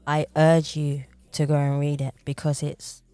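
A woman's voice: low voice, completely flat delivery, a little slow, dark tone, no room sound. A woman hosting a podcast interview, enthusiastic and giggling between sentences. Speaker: podcast host. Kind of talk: casual interview.

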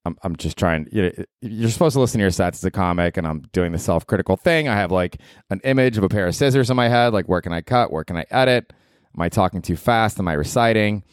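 Forties male comic, low voice, rambling and profane, dry home mic. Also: clear, resonant tone, no echo. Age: 40s. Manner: rambling, profane, self-deprecating. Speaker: podcast host and comedian. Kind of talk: casual solo podcast chat. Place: apartment.

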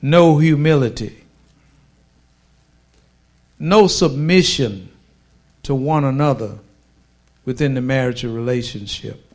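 A man preaching a sermon with a slow, drawn-out cadence, pausing for emphasis and delivering forceful declarations. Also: mid-range voice.

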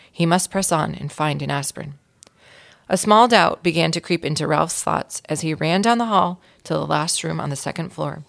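A woman reading a children's chapter book aloud as a guest reader, expressive, with a gravelly voice. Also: sits low.

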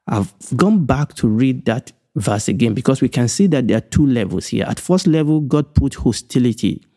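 A man from Nigeria teaches the Bible for an online broadcast, and his voice has a warm, mellow tone. His delivery is measured and emphatic, and he circles back to repeat key phrases. He slows down deliberately whenever a point matters most. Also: mid-range voice, animated. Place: indoors, recorded for an online broadcast.

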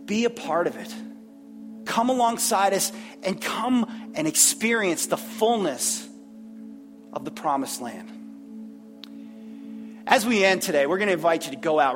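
A man preaching a sermon as pastor, earnest, often repeating words and pausing. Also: fairly high pitch, in a large hall. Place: church sanctuary.

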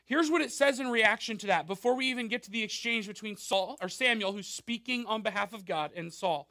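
A male pastor with a strikingly high voice preaches in a loose, conversational way. He checks in with the crowd through quick rhetorical asides, and the sound is close and dry. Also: no echo. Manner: animated, with frequent asides and rhetorical questions. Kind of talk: conversational sermon.

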